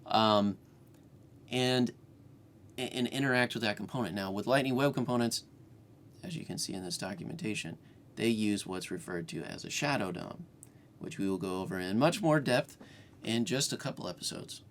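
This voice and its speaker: A man's voice: on the low side, moderate pace, a little hiss or hum. A man hosting a screen-share coding tutorial, talking casually with lots of fillers and restarts, at home. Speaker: programming tutorial host.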